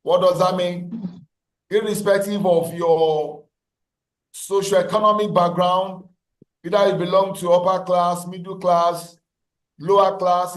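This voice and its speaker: Man lecturing, high and echoey. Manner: repeats key phrases, asks class questions. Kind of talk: online class lecture. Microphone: video call.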